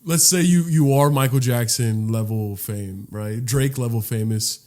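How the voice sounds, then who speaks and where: A man's voice: medium pitch, a little slow, a little mellow. A man co-hosting a comedy podcast, joking and bantering with casual swearing. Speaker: podcast co-host.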